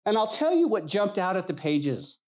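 Animated man preaching a sermon. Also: sits high, normal speed. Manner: animated and emphatic, acts out quoted people. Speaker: pastor.

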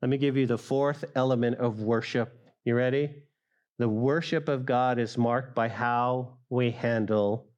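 A middle-aged male pastor preaching a sermon, speaking straight to the congregation and rising loud for emphasis. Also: mid-range voice, fairly even intonation, a little slow, muffled recording. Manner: acts out quoted voices of listeners.

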